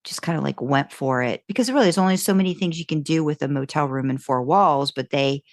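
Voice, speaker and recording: A woman's voice: sits low, fast talker, no room sound, studio quality. A woman co-hosting a fan podcast, chatting casually and rambling through her thoughts. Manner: rambling, restarts, upbeat. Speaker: podcast co-host.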